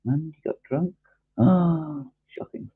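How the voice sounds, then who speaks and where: A man's voice: on the high side, slow, phone-quality sound, slight background noise. A man hosting a livestream quiz, flustered and self-mocking, swearing casually as he chats. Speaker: quiz host.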